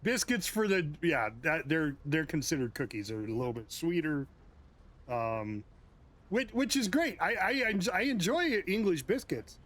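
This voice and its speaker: An American man chats casually with his live stream viewers, tossing out reactions and little chuckles. His voice sits a touch high and swings up and down with animation. He takes his time, talking at a relaxed, slow pace. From United States. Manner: chatty, reacting to chat with chuckles and asides. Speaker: game streamer.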